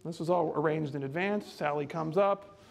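Brief: man, high pitch, home care trainer, chatty lively storyteller on stage. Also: normal speed, creaky. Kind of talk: storytelling presentation.

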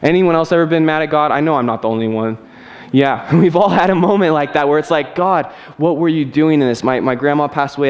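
A man's voice: mid-range voice, highs cut off. Laid-back stammering young male pastor. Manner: casual, self-deprecating, laughs often, stammering restarts. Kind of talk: sermon with personal story. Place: church service.

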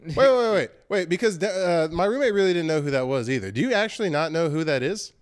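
A man hosting a podcast, teasing his guest with quick questions in casual banter. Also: fairly high pitch, lively intonation, clear, resonant tone. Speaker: podcast host.

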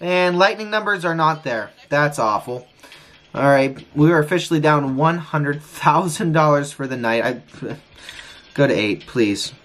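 A man streaming a casino session, frustrated, talking excitedly and repeating his pleas to the wheel. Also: a little high, measured pace. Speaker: gambling streamer. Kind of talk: live casino session commentary.

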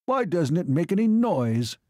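A man voicing an aging male transport magnate in an audiobook, croaking and agitated, repeating himself. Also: fairly high pitch, very animated, unhurried, warm tone, no room sound, studio quality, pitched above the performer's own voice.

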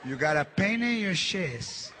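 A man's voice: sits high, very animated, a little slow, bright, forceful tone, voice pushed down, heavily acted. Man doing a taunting, scolding wife. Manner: mocking, taunting, nagging. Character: scolding sarcastic middle-aged wife. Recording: noisy live stand-up recording.

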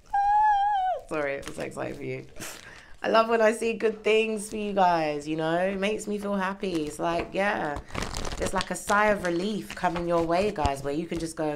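A low-voiced woman gives a casual tarot reading, chatty and encouraging. Her microphone sits close to her hair, and faint background noise runs underneath. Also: moderate pace, creaky. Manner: chatty, encouraging, often checks in with "okay?". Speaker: tarot reader. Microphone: microphone worn near her hair.

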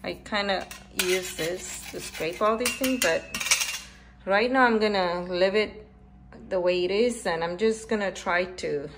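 A woman's voice: mid-range voice, fairly bright tone, a little hiss or hum. A middle-aged woman casually narrating a home repair vlog, rambling with many fillers and out of breath from the effort. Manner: rambling, halting, with frequent fillers. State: out of breath from pulling. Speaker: home vlogger.

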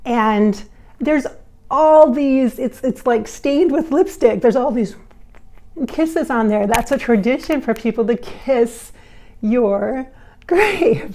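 A woman's voice: a little high, lively intonation, slow, dark tone. Effusive, giggly woman channeler. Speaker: channeler and vlog host. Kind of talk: casual spiritual vlog talk.

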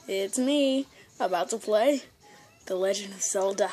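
A woman giving casual, excitable commentary while playing a video game, with frequent gasping exclamations. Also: medium pitch, measured pace. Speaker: gameplay video host. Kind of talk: casual let's-play commentary. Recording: loud game music underneath.

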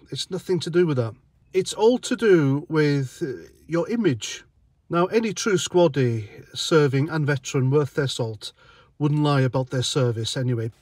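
A British man, an ex-soldier, speaks his mind in a blunt, sarcastic monologue and laughs now and then. His voice is a little high for a man. The recording is close and dry, with no room sound. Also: a little mellow, dry recording. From United Kingdom. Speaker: army veteran vlogger. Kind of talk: opinionated casual monologue.

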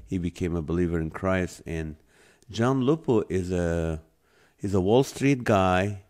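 A man hosting a live show, chatting casually and venting in a rambling, comic way. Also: sits low. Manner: rambling, venting, animated when annoyed. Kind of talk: casual comedic monologue.

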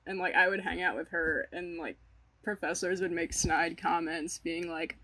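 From Maryland, documentary interview, animated, dry close sound. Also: mid-range voice, measured pace, dry recording, low-quality recording. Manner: animated, acts out quotes. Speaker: student interviewee.

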